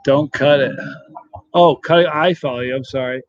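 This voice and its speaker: A man's voice: medium pitch, moderate pace, no room sound, highs cut off. A middle-aged man hosting a casual live stream, chatting and rambling as he greets viewers by name. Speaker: channel host reading live chat.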